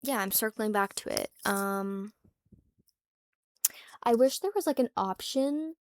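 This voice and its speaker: A woman's voice: mid-range voice, expressive, slow pace, no room sound. Rambling young woman vlogging, dry sound. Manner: rambling, candid, frequent fillers and restarts, swears casually. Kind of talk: casual chat to camera.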